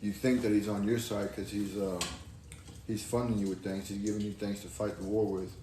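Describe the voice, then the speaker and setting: A young man, co-hosting and explaining his view in a slow, slightly foggy, steady way. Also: on the low side. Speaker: podcast co-host. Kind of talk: casual explanatory chat. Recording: distant roomy mic, faint noise.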